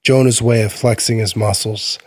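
Low-voiced man reading fiction. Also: steady tone, normal speed, a little mellow, husky, no echo. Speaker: narrator.

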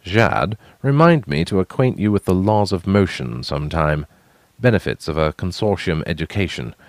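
A man voicing a wry, deadpan former navy sailor who speaks slowly and dryly. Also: deep voice, dry recording.

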